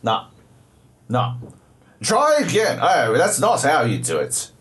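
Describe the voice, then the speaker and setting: A man's voice: medium pitch, wildly swooping pitch, slow pace, fairly bright tone, exaggerated voice. Man doing a curt British tutorial robot. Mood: scolding. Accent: put-on British. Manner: curt, dismissive.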